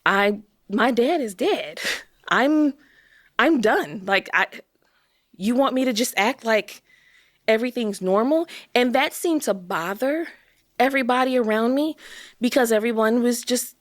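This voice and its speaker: A woman's voice: fairly high pitch, a little slow, dry recording. Woman, from Chicago, podcast guest, emotional storytelling, dry room. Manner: emotional, animated storytelling with acted-out quotes. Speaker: interview guest. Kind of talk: candid podcast conversation.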